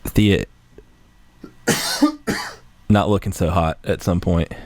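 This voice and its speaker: Laid-back low-voiced man recapping a show. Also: steady tone, darkish tone, no echo. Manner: recaps scenes with quick acted-out dialogue, laid-back swearing. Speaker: podcast co-host. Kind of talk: casual chat.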